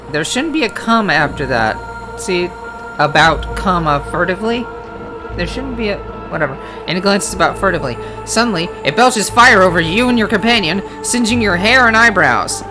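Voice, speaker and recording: Lively gamer reading a card game aloud. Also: mid-range voice, normal speed. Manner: reads narration, trails off into hesitant asides and self-corrections. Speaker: let's play gamer. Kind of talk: reading game text aloud with casual asides. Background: game music.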